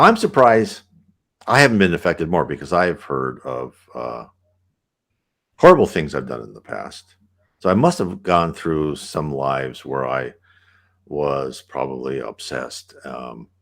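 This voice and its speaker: A deep, low-pitched American man talks through viewer questions in a loose, rambling way. He circles back on himself, pauses on fillers, and keeps checking in with a quick "right?" as he explains. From United States. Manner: rambling, conversational, often asks "right?". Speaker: channel host. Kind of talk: casual talk answering viewer questions.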